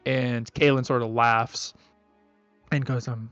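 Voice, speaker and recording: Male game master, slow, hesitant narration, dull recording. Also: medium pitch, level tone, a bit bright, clean tone, dry recording, soft background music. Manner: halting, full of "um" and "like".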